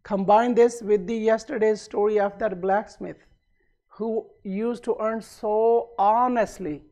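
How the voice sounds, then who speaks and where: Male preacher, fairly high voice, storytelling sermon, lively delivery of dialogue. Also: a little slow. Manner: retells a story, acting out dialogue with rising emphasis. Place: community centre hall.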